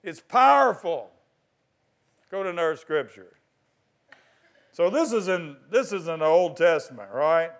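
A man preaching a sermon, asking his congregation questions and swinging from loud exhortation to quiet asides. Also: on the high side, lively intonation, a little slow, creaky, long pauses.

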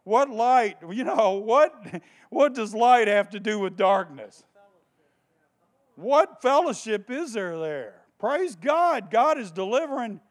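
A man preaching a sermon with passion, repeating phrases for emphasis and swinging between hushed tones and shouting. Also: sits high, lively intonation, takes it slowly.

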